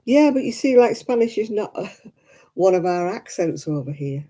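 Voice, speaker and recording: A middle-aged woman from the north of England speaks, chatting casually on her own crafting livestream. Her voice sits at an ordinary pitch with a warm, mellow tone, and she talks in a candid, easygoing way, often breaking into laughs. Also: very animated, normal speed, low-quality recording. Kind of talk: casual live chat while knitting.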